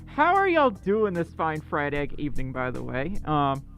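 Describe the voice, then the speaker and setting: A male livestream host chatting casually with viewers, excitable and self-deprecating. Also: on the high side, normal speed, faint music behind.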